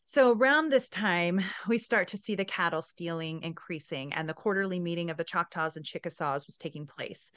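A woman interviewing an author, excitedly recapping the story and sharing her reactions. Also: on the low side, normal speed, few pauses, dry recording. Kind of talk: casual book-discussion interview.

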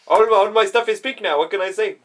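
A man's voice: high-pitched, quick pace. A man chatting casually among friends in a wry, teasing way.

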